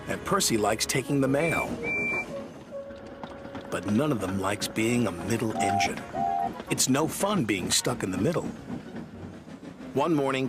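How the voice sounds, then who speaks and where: Man, storybook narration, lively pitch, music behind.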